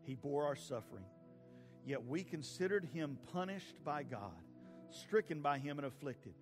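A man preaching a sermon, swinging from hushed pleading to loud fervent peaks. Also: on the high side, lively intonation, measured pace, faint music behind. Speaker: pastor. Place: church sanctuary with a congregation.

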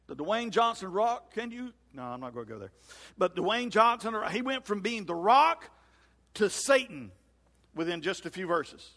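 A male pastor preaching a sermon in a church sanctuary, acting out scripture dialogue with lively swings in voice. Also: a little high. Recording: long hall reverb.

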